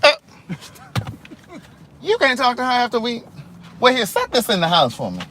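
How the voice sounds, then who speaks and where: A man hosting a casual outdoor livestream, talking directly to his viewers in an animated, chatty way. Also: very high voice, moderate pace, noisy background. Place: outdoors in a yard.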